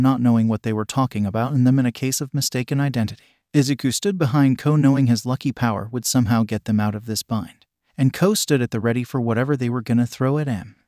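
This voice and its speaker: A man narrates a story in a steady, even reading voice of middling pitch. The recording is dry and close, with no room echo. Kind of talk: scripted narration of fan fiction.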